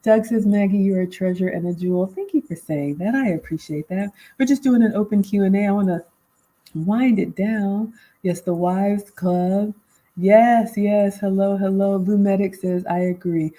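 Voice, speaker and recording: A woman's voice: mid-range voice, moderate pace, dark tone, rough recording. A woman in her forties hosting a casual live Q&A, reading viewer comments aloud and answering them conversationally. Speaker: livestream host and life coach.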